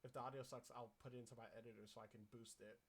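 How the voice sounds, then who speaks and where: A young man co-hosting a casual gaming podcast, chatty and upbeat, reading names off a list with quick asides. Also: mid-range voice, a crowd in the background. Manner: animated, reads lists aloud with upbeat asides. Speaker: podcast co-host.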